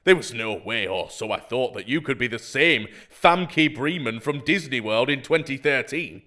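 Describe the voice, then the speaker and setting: A man's voice: medium pitch, expressive, normal speed, bright, forceful tone. A man reading as a lovesick fake banker. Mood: melodramatic. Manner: mock-earnest, melodramatic letter reading. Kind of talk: reading bait emails aloud.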